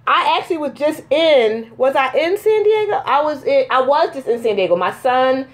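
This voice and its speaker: A woman in her forties hosting a casual chat, an animated storyteller who laughs often. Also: high voice, moderate pace. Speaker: show host.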